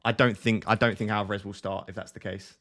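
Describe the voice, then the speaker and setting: A man chatting excitedly on a live stream, often restarting his sentences while he clicks around. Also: fairly low pitch, fast.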